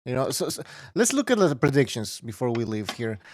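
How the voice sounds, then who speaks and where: A man's voice: medium pitch, big pitch swings, brisk, noisy background. A man hosting a boxing podcast, loose and joking as he steers the show. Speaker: podcast host. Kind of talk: casual boxing chat, wrapping up show.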